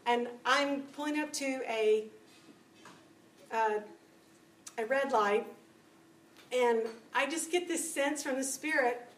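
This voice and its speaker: A woman giving a spoken testimony to a church audience, telling stories with lively acted-out dialogue. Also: high-pitched, takes it slowly, long pauses. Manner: animated storytelling, acting out dialogue. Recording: echoey room, distant mic, faint noise.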